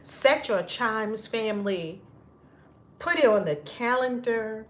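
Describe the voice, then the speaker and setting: A woman's voice: medium pitch, a bit bright. A woman hosting a live stream, chatting casually and effusively with viewers, greeting them by name and laughing often. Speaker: livestream host.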